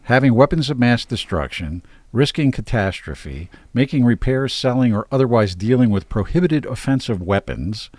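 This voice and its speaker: A man co-hosting a casual podcast, a lively storyteller who laughs often. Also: mid-range voice, normal speed, no room sound. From Pennsylvania, United States. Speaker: podcast co-host. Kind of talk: casual chat.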